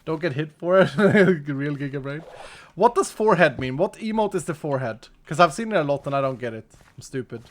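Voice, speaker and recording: A streamer playing a modded block game thinks aloud and answers his chat with easygoing commentary. His voice is on the high side, animated and a little fast.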